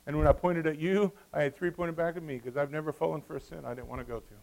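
A middle-aged man preaching a sermon, swinging between loud emphasis and quiet asides. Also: a little high, steady tone, fast, gravelly, low-quality recording.

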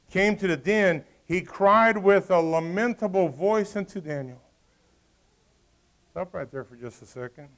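A male pastor delivers a sermon with real animation, his voice sitting a little higher than most men's. He swings between loud, emphatic peaks and quiet, hushed asides, and he slips into the voices of the people in the story. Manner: animated, acts out voices of the characters.

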